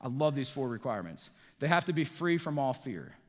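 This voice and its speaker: A male pastor from the northeastern United States preaching a sermon, swinging between hushed lines and rising emphasis. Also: medium pitch, sing-song, brisk, long reverb tail. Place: church sanctuary.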